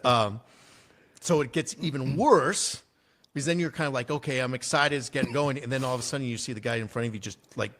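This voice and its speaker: A man who is a guest on a podcast and a former army officer, telling stories in an animated way and swearing casually. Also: medium pitch, fast. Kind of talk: casual interview storytelling.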